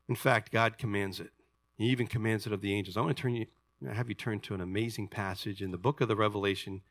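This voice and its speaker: A man preaching to his congregation, his voice bright and ringing, swinging from loud emphatic points down to quiet, hushed storytelling. The sound is dry and close, with no room around it. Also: mid-range voice, no echo. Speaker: pastor. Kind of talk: sermon.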